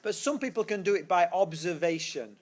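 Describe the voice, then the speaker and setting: A man with a high-pitched, expressive voice talks a little fast while teaching a physics class to students in a classroom. He explains things step by step, thinking aloud and correcting himself along the way. The lecture is captured on a tablet screencast mic with a bit of hiss or hum.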